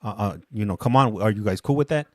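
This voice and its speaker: Low-voiced host with stumbling speech. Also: male voice, fast, no room sound. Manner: relaxed, with stumbling repeated words. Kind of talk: casual chat.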